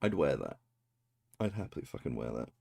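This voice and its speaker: A man's voice: a bass voice, very animated, a little fast, creaky, a little mellow, breathy edge, no echo, clean studio sound. A man chatting casually on a livestream, swearing freely and making self-deprecating asides. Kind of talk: casual livestream reaction chat.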